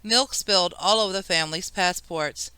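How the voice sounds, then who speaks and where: Lady reading a kids audiobook, bright and crisp, dry close sound. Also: fairly low pitch, moderate pace, dry recording, poor audio. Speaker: audiobook narrator. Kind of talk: scripted audiobook narration.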